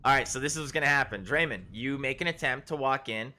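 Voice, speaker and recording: A man's voice: mid-range voice, fast, bright, forceful tone. A man narrating a tabletop game as game master, rambling with many fillers and often laughing.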